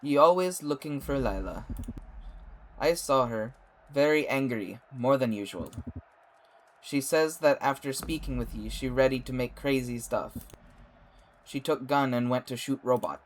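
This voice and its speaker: A man voicing a gruff male alien rebel who speaks in clipped, broken phrases. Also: a little high, animated, unhurried, poor audio.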